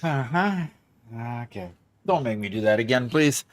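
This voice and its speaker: A man hosting a gaming stream, easygoing and quick to laugh at himself. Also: medium pitch, lively intonation, a little hiss or hum. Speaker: streamer host. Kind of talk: casual stream banter.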